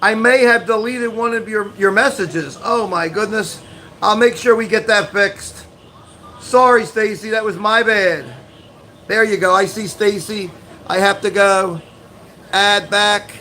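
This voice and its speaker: A man's voice: sits high, measured pace, bright, forceful tone, a little hiss or hum, rough recording. A man hosting a casual family livestream, easygoing and upbeat as he chats with viewers. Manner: easygoing, upbeat sign-offs. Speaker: livestream host.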